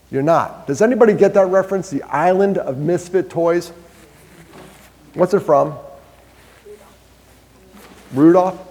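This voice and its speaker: A man from New York giving a live talk on mental health, telling stories, quizzing the audience and joking about himself. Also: fairly high pitch. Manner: animated storyteller, quizzes the crowd, jokes about himself. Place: large hall with an audience. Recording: long hall reverb.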